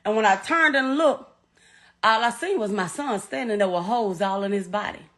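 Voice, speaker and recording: Recounting a personal account in an interview, a middle-aged woman talks bluntly and emotionally, with swearing and frequent repetition. Her mid-range voice is a bit bright and moves at a moderate pace.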